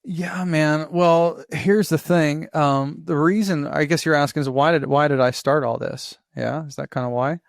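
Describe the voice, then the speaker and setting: A man's voice: fairly high pitch, creaky, dry recording, clean studio sound. A man from Newfoundland who now sounds American, talking candidly and energetically as a podcast guest on a remote call. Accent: General American. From Newfoundland, Canada. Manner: candid, energetic, talks fast with restarts. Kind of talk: casual podcast interview.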